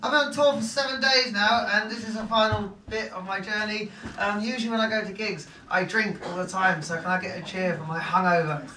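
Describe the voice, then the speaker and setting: A man's voice: sits high, fairly even intonation, a little fast, hardly any pauses. A young man, doing a stand-up set in a comedy club in a brash, swearing, self-mocking way. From Essex, England. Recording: echoey club from far off, loud crowd and noise.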